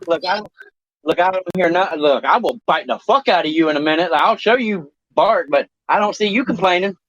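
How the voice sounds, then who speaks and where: A man's voice: fairly high pitch, animated, no echo. Rambling, cursing man on a lo-fi mic. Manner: rambling, halting, swears a lot. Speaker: talk show co-host. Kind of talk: crude casual chat. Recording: dry, dull lo-fi sound.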